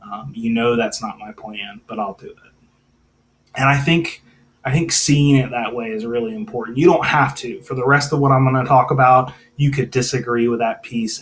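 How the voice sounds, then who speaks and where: A man's voice: medium pitch, a bit bright, slight background noise, low-quality recording. A man giving informal Bible teaching in a casual, thinking-aloud manner, with frequent fillers and restarts.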